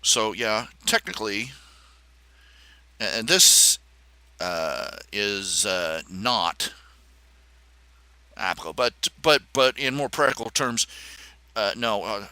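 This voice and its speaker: A man hosts a casual livestream while he draws, thinking out loud in a halting, rambling way. His tone is opinionated and sardonic, his pitch moves a lot, and the voice sounds very bright. The recording is close and dry. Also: expressive, clean tone, dry recording. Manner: rambling, halting, many fillers and restarts. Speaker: livestream host.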